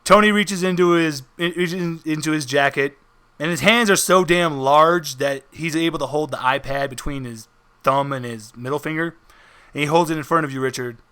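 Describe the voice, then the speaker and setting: A man narrating a tabletop game as game master, animated and jokey, laughing often. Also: on the high side, moderate pace, clean tone.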